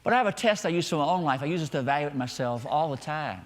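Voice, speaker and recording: A middle-aged male pastor preaching a sermon, swinging between loud emphatic lines and quiet, hushed ones. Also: fairly high pitch, animated, quick pace, long reverb tail. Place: church sanctuary.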